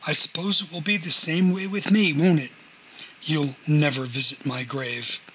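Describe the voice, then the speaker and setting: A reproachful, nagging mother with a raised, slightly lifted voice, as a male reader puts her on. She scolds her grown son in a bright, edgy tone and piles on guilt with every sentence. A faint hiss sits under the reading. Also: a little high, fairly even intonation, normal speed, rough recording.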